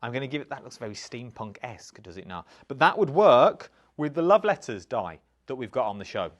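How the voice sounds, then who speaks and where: A man's voice: medium pitch, very animated, brisk. A man with a British accent presenting a live craft shopping show, chatty and upbeat, reading out viewer comments as he goes.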